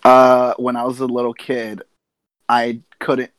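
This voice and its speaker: A young man co-hosting a podcast in casual chat, animated and swearing as he tells stories. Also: medium pitch, measured pace, clear, resonant tone, dry recording. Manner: animated storyteller, swears a lot, laughs through stories. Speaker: podcast co-host.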